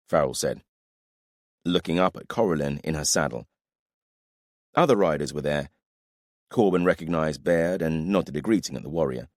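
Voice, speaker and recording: Deep male narrator, highly animated reading, dry close sound. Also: moderate pace, long pauses, dry recording. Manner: expressive storytelling. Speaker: audiobook narrator. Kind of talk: scripted narration.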